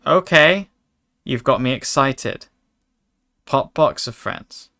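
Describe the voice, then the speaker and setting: A man's voice: mid-range voice, takes it slowly, gravelly, a bit bright. A man streaming a card game, chatting casually with his chat and joking in mock anger. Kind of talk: casual gaming commentary.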